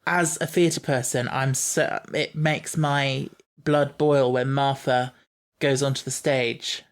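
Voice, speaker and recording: A man co-hosting a podcast in casual chat, eager and quick to laugh. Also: mid-range voice, fairly even intonation. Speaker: podcast co-host.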